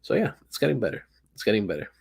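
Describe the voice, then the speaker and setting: Laid-back man with a lowish voice. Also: wildly swooping pitch, vocal fry, breathy edge. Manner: laid-back, swears freely, quick agreeing fillers. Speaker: podcast co-host. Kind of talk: casual chat.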